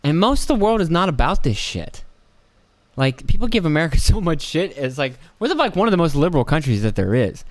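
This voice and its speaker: A man's voice: a little high, very animated, fairly quick, no echo. A man hosting a solo podcast from home, rambling in a profane, incredulous way. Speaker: podcast host. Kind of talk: casual solo monologue.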